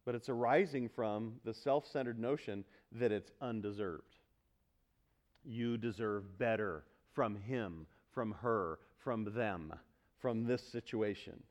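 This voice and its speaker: A man preaching a sermon to a church congregation, animated and emphatic, asking the room for responses and then dropping to quiet earnest teaching. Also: on the low side, slow. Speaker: pastor.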